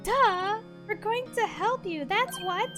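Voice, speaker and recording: A woman voicing a bubbly teenage spirit medium sidekick in a game, with a chirpy, high delivery. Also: lively intonation, slow pace, music in the background, full character voice.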